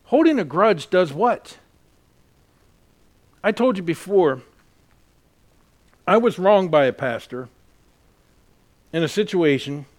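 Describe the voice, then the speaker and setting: Male pastor, sermon, earnest, emphatic, fairly high-pitched voice. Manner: earnest, emphatic preaching with personal storytelling.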